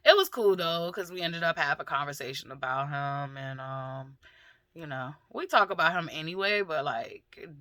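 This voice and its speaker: A middle-aged woman talking candidly and emotionally in a personal vlog, swearing freely and pausing often with fillers. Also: low-pitched, pushed and bright, dry recording, clean studio sound. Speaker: vlogger.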